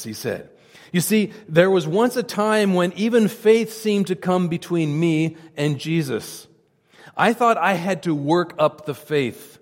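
A man preaching a sermon in an earnest, testifying manner, his voice dropping low and quiet at reverent moments. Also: unhurried, big-room sound.

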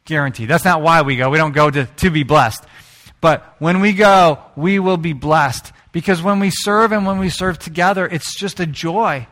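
Pastor guy giving a sermon, kinda high bright voice, lively and jokey. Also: normal speed. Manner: animated storytelling, jokes with the congregation.

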